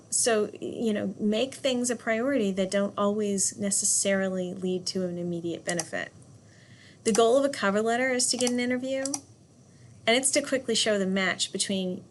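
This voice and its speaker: Woman instructor, direct and emphatic in class, medium pitch, light room noise. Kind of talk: classroom lecture.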